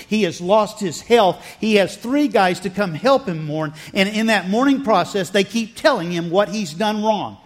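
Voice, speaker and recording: A man preaching a sermon, retelling scripture dramatically and acting out the dialogue with rising and falling emphasis. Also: high voice. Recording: long hall reverb.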